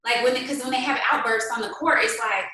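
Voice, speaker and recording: Animated woman in an echoey room. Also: fairly high pitch, a little fast. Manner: animated, rhetorical questions, conversational. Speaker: sales team leader. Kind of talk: motivational team talk. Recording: very echoey room, distant mic.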